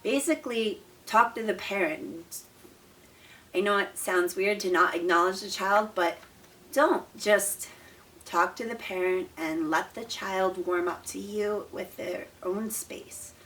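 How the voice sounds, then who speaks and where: Earnest mother giving calm tips, distant mic. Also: medium pitch, measured pace, a little hiss or hum. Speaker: parent of an autistic child, author. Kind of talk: advice talk to camera.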